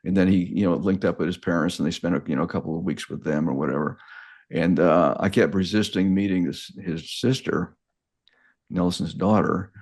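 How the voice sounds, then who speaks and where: A man in his sixties, a podcast guest, telling a story in a halting way, often restarting and repeating words. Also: low-pitched, a little mellow, husky. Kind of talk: casual storytelling.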